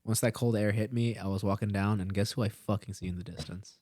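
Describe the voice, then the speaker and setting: A man's voice: on the low side, fast, dry recording, studio quality. Profane young man telling a story. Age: early 20s. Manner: profane, rambling, animated retelling with acted-out quotes. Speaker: podcast co-host. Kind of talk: casual storytelling chat.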